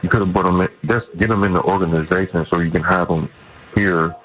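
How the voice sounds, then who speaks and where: Deep-voiced male caller on a dull line. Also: steady tone, quick pace, soft background music. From Cleveland, USA. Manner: earnest, rambling, repeats points. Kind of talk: call-in sports radio talk. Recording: dull lo-fi phone call.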